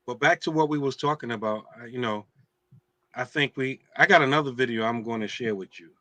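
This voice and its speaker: A man hosting a casual talk show, telling teasing stories in an animated way. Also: mid-range voice, fairly quick, no echo. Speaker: show host.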